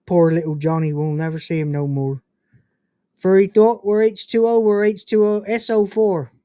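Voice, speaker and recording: A folksy old-country Cornish farmer with a sing-song rural drawl, as a streamer puts him on. The voice sits close and dry, with no room around it. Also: male voice, sits high, flat delivery, moderate pace, mellow, smooth, no room sound, close to an everyday voice. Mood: jolly. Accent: put-on Cornish. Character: rustic Cornish farmer man, sheep breeder.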